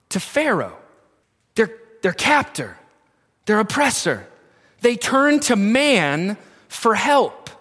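Male preacher, emphatic, poses questions to the room; unhurried delivery, echoing hall. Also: high voice, a bit bright. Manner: emphatic, asks the congregation questions. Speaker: pastor. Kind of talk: sermon.

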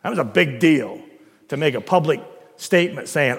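Animated man preaching in a reverberant hall. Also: on the high side, moderate pace, vocal fry, breathy edge. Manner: animated, emphatic preaching with rhetorical questions. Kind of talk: sermon.

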